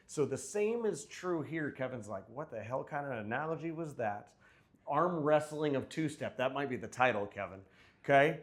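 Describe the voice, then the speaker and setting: Joking man counting dance steps. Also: fairly high pitch. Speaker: dance instructor. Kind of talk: casual teaching with counting. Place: dance studio. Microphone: wearing a microphone.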